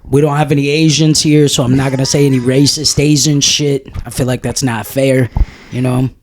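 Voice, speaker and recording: A man's voice: medium pitch, level tone, normal speed, slight background noise. A man co-hosting a podcast in casual chat, talking in a profane, rambling, jokey way. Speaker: podcast co-host.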